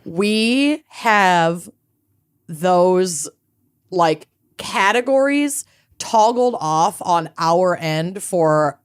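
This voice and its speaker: A woman's voice: fairly low pitch, clear, resonant tone. A woman co-hosting a podcast, chatting casually and emphatically. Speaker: podcast co-host. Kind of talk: casual chat.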